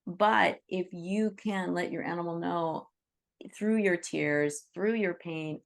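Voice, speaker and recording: Gravelly-voiced woman teaching gently. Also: on the low side, normal speed. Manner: earnest, reassuring, frequent "right?" and "you know". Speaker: Reiki teacher leading an online group. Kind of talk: teaching talk to an online group.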